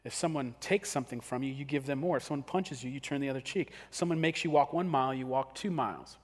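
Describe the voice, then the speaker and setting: A man preaching a sermon as pastor, talking casually and acting out quick everyday scenes. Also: medium pitch. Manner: conversational, acts out quick scenes. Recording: long hall reverb.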